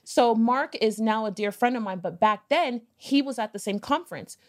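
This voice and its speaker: A woman with a fairly high voice talks as a podcast guest. She tells her story in an animated, conversational way, slipping into other people's voices for quoted lines and cursing casually. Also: normal speed. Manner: animated, acts out quoted dialogue, swears casually. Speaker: podcast guest, business owner.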